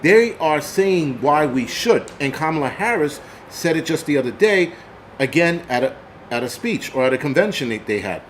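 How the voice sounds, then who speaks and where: Man, angry profane rant, host monologue, somewhat high pitch. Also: big pitch swings, moderate pace, slight background noise. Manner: angry, swearing, ranting. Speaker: channel host.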